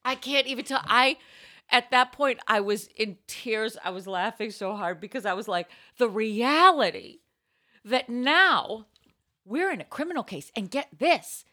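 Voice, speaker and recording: A woman co-hosting a comedic casual chat, an animated storyteller who laughs often. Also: on the high side, unhurried.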